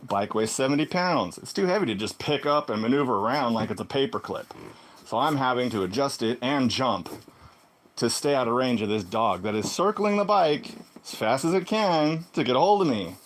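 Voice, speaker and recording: A man telling a personal story in a casual vlog monologue, swinging between loud exclamations and low muttered asides. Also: lively intonation, moderate pace. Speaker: vlogger.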